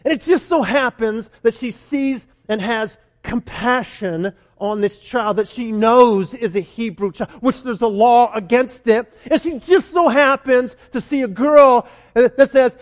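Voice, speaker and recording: A high-voiced male pastor preaching with animated, conversational energy. He drives home his points through emphatic repetition and questions to the congregation. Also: a little slow, few pauses. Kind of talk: sermon.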